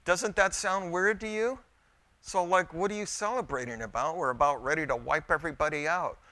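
A man's voice: a little high, a little fast, pushed and bright. A middle-aged man preaching a sermon, telling a folksy story and speaking directly to his congregation. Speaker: pastor.

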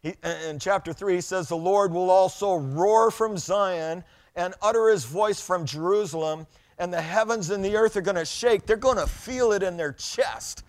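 A middle-aged man preaches with lively storytelling, moving between scripture readings and his own anecdotes. His voice sits a little high for a man, and he often doubles back on his words as he builds a point. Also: normal speed. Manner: animated storytelling, reads scripture aloud, repeats words. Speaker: pastor. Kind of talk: sermon.

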